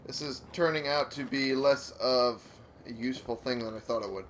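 A man's voice: medium pitch, normal speed, slight background noise. A man giving casual gameplay commentary, muttering to himself, swearing often, and making fun of himself.

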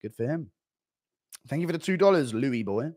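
A man's voice: medium pitch, animated, darkish tone, no room sound, clean studio sound. A man chatting casually on a live stream, laughing and reading donations between bits. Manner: laughing, chatty, quick asides.

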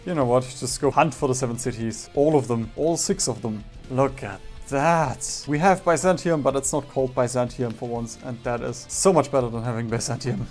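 A man's voice: medium pitch, moderate pace, hardly any pauses, a little mellow, faint music behind. A man giving casual gameplay commentary while streaming a strategy game, joking and mocking himself as he reacts to events on screen.

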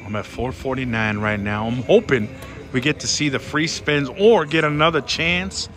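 A man giving excited running commentary on a slot machine as he plays, talking to his viewers and pleading with the machine, on a casino floor. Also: mid-range voice, normal speed. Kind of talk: casual live commentary while gambling. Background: casino music.

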